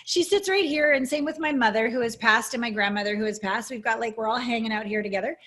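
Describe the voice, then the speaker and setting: A woman's voice: on the high side, fast, a bit bright. Earnest woman coach sharing her story. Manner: earnest, reflective, openly emotional. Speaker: intimacy coach, guest. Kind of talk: interview storytelling.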